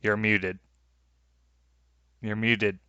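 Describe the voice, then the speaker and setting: A man's voice: on the low side, flat delivery, very slow, bright, forceful tone, clear, resonant tone, dry recording, dull audio. A young man narrating as game master over a video call, rambling and hesitant with many fillers.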